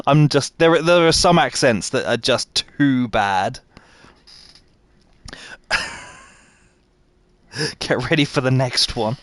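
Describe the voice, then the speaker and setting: A man's voice: fairly high pitch, animated, a little slow, pauses often, dry recording. A man livestreaming a game, chatting with his viewers and laughing at himself. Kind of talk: live gameplay chat.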